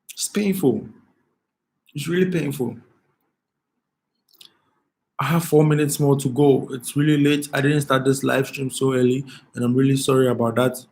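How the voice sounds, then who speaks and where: A man's voice: medium pitch, steady tone, a little slow, creaky, pauses often, darkish tone. A man hosting an emotional live stream, speaking with passion and repeating his phrases as he pleads with his viewers.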